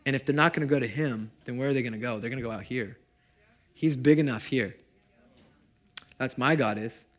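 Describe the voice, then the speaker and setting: A man's voice: medium pitch, fairly quick, pauses often. Young male pastor, chatty sermon style, mid-range voice, questions to the congregation. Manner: conversational, swings from loud to hushed. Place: church service before a congregation.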